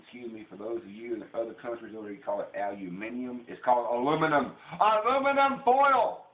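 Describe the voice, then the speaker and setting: A man's voice: lowish voice, level tone, very fast. A man with a Southern US accent, rambling and joking while he shows home cooking on his own channel. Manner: folksy, rambling, jokey. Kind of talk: casual kitchen demonstration. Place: home kitchen. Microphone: camera mic. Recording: tinny, echoey kitchen, faint noise.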